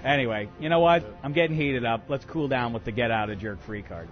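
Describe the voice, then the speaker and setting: A man hosting a comedic sports talk radio show, ranting in an excitable, bombastic way with many uhs. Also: mid-range voice, brisk, dull audio, faint music behind. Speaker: radio host.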